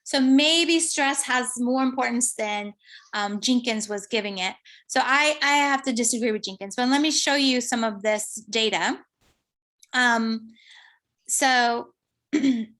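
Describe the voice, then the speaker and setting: A female researcher presents at an academic conference, walking through her findings one step at a time with many pauses and filler words. Her voice is fairly high and slightly bright.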